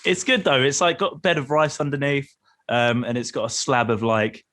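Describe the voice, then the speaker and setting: A man's voice: medium pitch, steady tone, moderate pace, a bit bright. A man from the United Kingdom, a guest on a casual podcast, telling stories chattily and acting out the dialogue. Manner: chatty storyteller, acts out dialogue, laughs a lot. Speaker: podcast guest, travel group leader.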